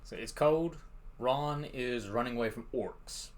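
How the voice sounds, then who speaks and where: A man's voice: medium pitch, a little slow. A young man co-hosting a podcast, chatting casually about a book and laughing often. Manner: laid-back, laughs often, plenty of fillers. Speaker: podcast co-host.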